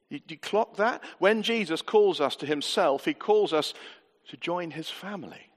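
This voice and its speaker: A man's voice: a little high, lively intonation, moderate pace. A man preaching a sermon to a church gathering, earnest and conversational, often asking the congregation rhetorical questions. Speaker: pastor. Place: church hall. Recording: long hall reverb.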